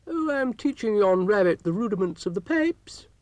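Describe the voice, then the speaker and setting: A man voicing a proud, gruff male dog with a Scottish accent. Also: sits high, big pitch swings, moderate pace, darkish tone, no room sound, pitched above the performer's own voice. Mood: grumpy. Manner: gruff, lofty.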